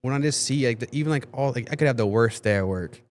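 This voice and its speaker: A man's voice: mid-range voice, fast. A man talking as a guest on a podcast, rambling casually with lots of fillers and frequent swearing. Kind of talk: casual conversation.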